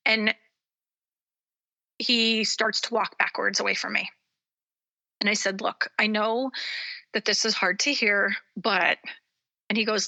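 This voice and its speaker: Bright-voiced woman telling a story. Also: medium pitch, fairly even intonation, gravelly. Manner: halting retelling with many ums and restarts. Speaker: psychic medium guest. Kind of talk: casual storytelling in an interview.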